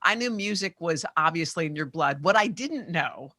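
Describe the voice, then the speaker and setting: Woman, talk show host, gushing, animated, bright voice, dry sound. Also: low-pitched, moderate pace, no echo. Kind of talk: casual interview chat.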